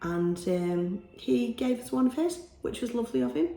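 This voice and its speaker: A woman's voice: on the high side, expressive, moderate pace, warm tone. Shop-owner vlogger, woman, rambling chatty delivery, recorded in an echoey bare room. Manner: chatty, rambling, laughs easily. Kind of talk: casual video diary. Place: small shop being renovated, indoors.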